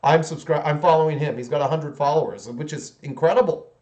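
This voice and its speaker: Rambling guy, higher voice. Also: fairly quick, darkish tone. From United States. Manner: rambling, blunt, many restarts. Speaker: hobby channel host. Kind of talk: casual livestream chat.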